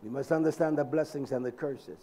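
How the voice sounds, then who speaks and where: A male preacher giving a sermon in a dramatic, colloquial manner, swinging from shouted lines to low murmurs. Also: a little fast, slight background noise.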